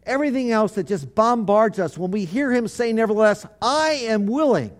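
A pastor with a brisk, high-sitting voice preaches a sermon, leading his congregation to repeat phrases back to him with earnest, repetitive emphasis.

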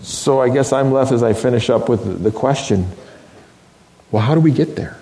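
A man preaching a sermon, moving from loud, rising questions to hushed, almost whispered words. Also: medium pitch, moderate pace, slight background noise. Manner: dramatic, with wide swings from loud to hushed. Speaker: pastor.

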